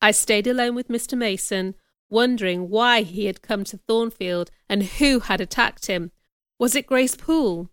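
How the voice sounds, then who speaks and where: A woman narrating a novel as an audiobook, measured and clear. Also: medium pitch, dry recording. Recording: dry, close studio recording.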